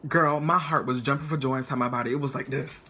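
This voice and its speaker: A man in his twenties telling a personal story on his vlog in a chatty, flamboyant and animated way. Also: medium pitch, fast talker, a little hiss or hum. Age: 20s. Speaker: vlogger.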